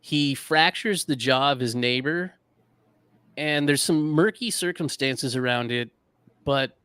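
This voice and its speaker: A man's voice: medium pitch, measured pace, fairly bright tone, smooth, dry recording. A man co-hosting a comedic history podcast, telling the story in a laid-back, self-deprecating way. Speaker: podcast co-host. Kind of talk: casual comedic history chat.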